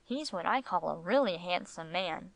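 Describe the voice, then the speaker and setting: A woman's voice: lowish voice, animated, normal speed, vocal fry, no echo. A woman voicing a playful, teasing middle-aged husband in a storybook reading.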